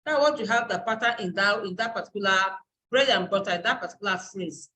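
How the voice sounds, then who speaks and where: A woman's voice: mid-range voice, fast talker, sharp tone, slight background noise, rough recording. A woman university lecturer and dean giving a live online class, explaining step by step and searching aloud for terms.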